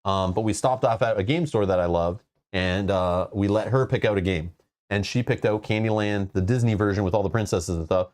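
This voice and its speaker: Hosting a board game channel's casual livestream, a man rambles in a loose way, frequently starting his sentences over. His voice is lowish and a little mellow.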